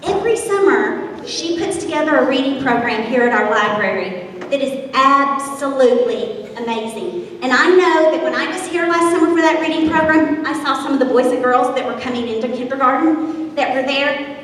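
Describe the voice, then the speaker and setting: A high-voiced woman, a kindergarten teacher, addresses parents at a school celebration in an upbeat, encouraging way. She is recorded from far off in a big echoey hall. A faint hum sits behind her. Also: moderate pace, a bit bright. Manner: upbeat, leading children in call-and-response drills. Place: school gathering space.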